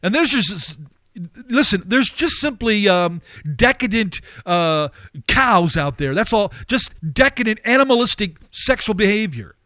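A man with a high voice, preaching with emphatic force and piling up repeated phrases. He swings into sharp rising outbursts. The sound is dry and close, with no room around it. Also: big pitch swings, a little slow, no room sound. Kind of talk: sermon.

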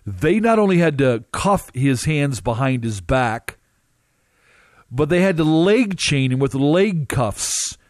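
A man recounting a dramatic first-person testimony as a minister, emphatic and halting, with drawn-out pauses. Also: on the high side, very animated, no room sound, clean studio sound.

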